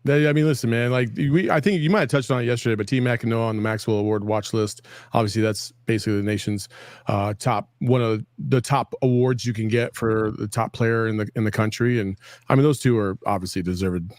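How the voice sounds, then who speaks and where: A man's voice: fairly low pitch, steady tone, fairly quick, darkish tone, no room sound. Laid-back male co-host, dry sound. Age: adult, married. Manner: laid-back, many fillers like "man" and "listen". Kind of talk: casual sports chat.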